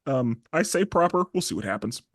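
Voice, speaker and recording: A man with a fairly high voice hosts a podcast and leads the chat with playful, showman-like flair. The sound is close and dry, with no room around it. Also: sing-song, fairly quick, a bit bright, no echo. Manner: playful, showman-like build-ups. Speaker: podcast host.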